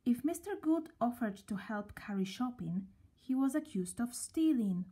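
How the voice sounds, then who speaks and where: A woman reading a children's story aloud, gently and at a slow, storybook pace. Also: a little high, animated, husky.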